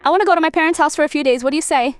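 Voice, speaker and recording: An actress playing a defiant young wife who argues back in a family drama. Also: female voice, high-pitched, racing, dry recording, studio quality, lightly acted. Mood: quarrelsome. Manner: defiant, sharp-tongued. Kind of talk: village family drama acting.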